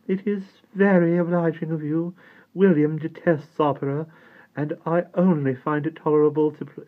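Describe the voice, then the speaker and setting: A man's voice: fairly high pitch, pitched above the performer's own voice, natural voice. A man voicing a gracious, chatty duchess in a genteel, airy way. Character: gracious grand old duchess, woman, chatty. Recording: tinny phone-like sound.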